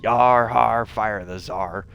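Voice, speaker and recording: A man voicing a boisterous male pirate captain in a rowdy, sing-song chant with drawn-out words. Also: fairly low pitch, gravelly, a bit bright, slight background noise, heavily acted.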